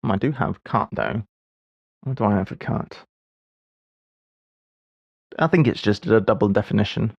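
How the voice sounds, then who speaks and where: A man's voice: fairly low pitch, measured pace, vocal fry, long pauses, husky, no room sound, lo-fi sound. A man in his forties streaming live, muttering half-finished thoughts and chuckling at his own mistakes as he works through puzzles. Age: 40s. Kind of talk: thinking aloud while solving puzzles on a live stream.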